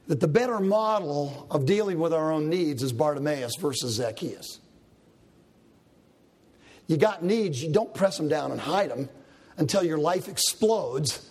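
Guy pastor preaching, kinda husky, a bit high, acts out the bible bits. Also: moderate pace. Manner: animated storytelling, acts out Bible characters' lines. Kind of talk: sermon.

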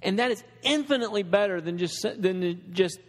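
A man's voice: high-pitched, expressive, normal speed, in a large hall. A man preaching a sermon in an earnest, conversational way, with restarts and asides to the congregation.

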